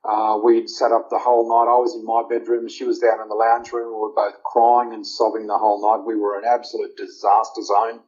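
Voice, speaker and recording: A man's voice: fairly low pitch, monotone, fairly quick, hardly any pauses, a little mellow. A middle-aged man, telling his personal story in an interview, emotional and rambling with fillers. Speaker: interview guest. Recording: dull lo-fi audio.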